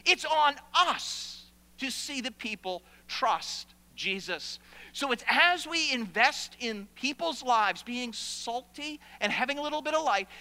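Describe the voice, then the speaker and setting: A man preaching a sermon as pastor in a church, animated and playful with asides to the congregation. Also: very high voice. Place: church sanctuary. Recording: long hall reverb.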